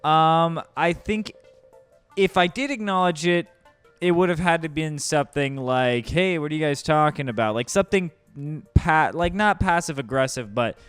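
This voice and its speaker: A man with a fairly high, smooth voice talks frankly about his own set in a casual voice-over. He is recorded close to the mic, with faint music underneath. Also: moderate pace, a bit bright, no room sound. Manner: frank, self-critical.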